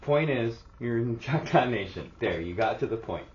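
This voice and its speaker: A man's voice: medium pitch, lively intonation, moderate pace, a little mellow, highs cut off. A man co-hosting a podcast, chatting casually and throwing in dry joking remarks. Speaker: podcast co-host. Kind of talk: casual chat, wry interjections.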